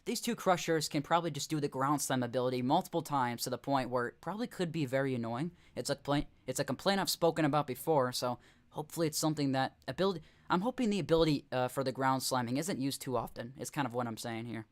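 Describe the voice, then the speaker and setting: Young male streamer, casual off-the-cuff commentary, rambling and self-correcting, average pitch. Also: quick pace.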